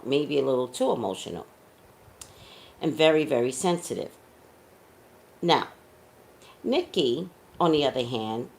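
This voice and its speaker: A woman's voice: very deep voice, gravelly, darkish tone, a little hiss or hum. A woman giving blunt, scolding, emotional celebrity commentary as a psychic.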